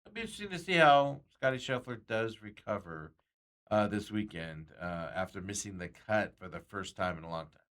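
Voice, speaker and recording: Man, sports talk host, low voice, rambling casual chat, chuckles often. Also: lively intonation, fairly quick, fairly bright tone.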